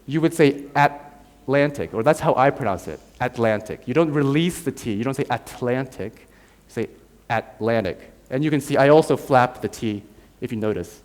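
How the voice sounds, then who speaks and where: A man's voice: mid-range voice, quick pace, a little mellow. An American man giving a university lecture. He explains step by step, demonstrates sounds aloud and keeps checking in with "right?". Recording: long hall reverb.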